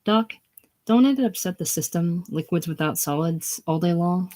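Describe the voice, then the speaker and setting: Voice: medium pitch, moderate pace, a little mellow, natural voice. A reader voicing a needy, whining barfly woman. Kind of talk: casual play reading.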